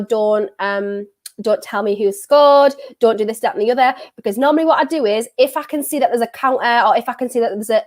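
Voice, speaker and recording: A young British woman rambles chattily through a live stream, leaning on filler words as she goes. Her voice sits a touch higher than most, and the cold she is fighting comes through. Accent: British English. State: has a cold. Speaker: football watchalong streamer. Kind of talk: casual live-stream chat.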